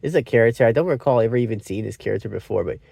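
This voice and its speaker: A man's voice: medium pitch, very fast, vocal fry, mellow, slightly rough, no echo. Rambling man reviewing a film. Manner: meandering, self-interrupting, swears freely. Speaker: movie reviewer.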